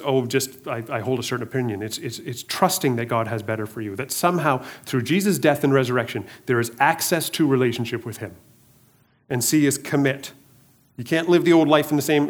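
In a medium-pitched voice, a middle-aged man preaches a casual, conversational sermon. He keeps restarting and repeating words, with jokes tossed in along the way.

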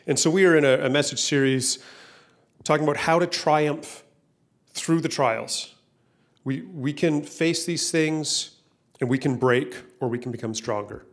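A man's voice: fairly high pitch, a little slow. A man preaching a sermon as pastor to a church room and online viewers, talking casually and often repeating words. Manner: conversational, repeats words, acts out voices in stories.

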